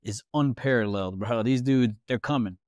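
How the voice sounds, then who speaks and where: Male podcast host, casual and slangy, smooth voice, dry mic. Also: mid-range voice, normal speed, a little mellow, no room sound, highs cut off. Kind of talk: casual interview chat.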